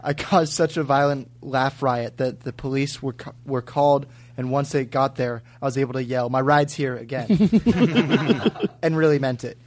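A man on a comedy podcast reading a listener's email aloud briskly, cracking up as he goes. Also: mid-range voice, a little mellow. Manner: reads briskly, breaks into laughter.

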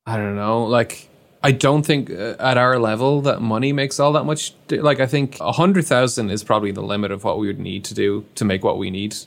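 Gravelly Irish man, casual chat. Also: lowish voice, steady tone, fairly quick. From Ireland. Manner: rambling, filler-heavy, blunt with swearing. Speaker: guest, engineering video creator.

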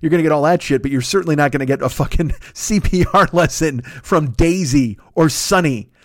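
Fast-talking profane male comedian. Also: on the high side, no echo, clean studio sound. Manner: rambling, profane, self-correcting, with frequent laughs. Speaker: podcast host. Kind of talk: crude comedic monologue.

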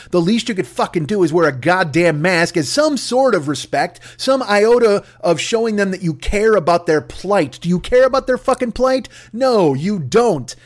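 A man delivering an angry, profane, mocking comedic rant. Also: high voice.

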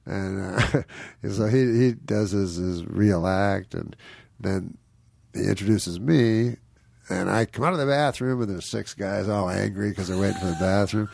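A man's voice: on the low side, gravelly, no room sound. A middle-aged man, a guest comedian, telling a rambling, self-mocking anecdote in casual talk and acting out other people's lines.

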